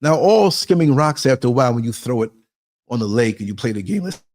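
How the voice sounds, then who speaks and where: A man's voice: medium pitch, fast talker. A man giving a blunt, streetwise motivational monologue on his podcast, acting out bits of dialogue as he tells stories. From New York. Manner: streetwise, blunt, animated storytelling with acted-out quotes.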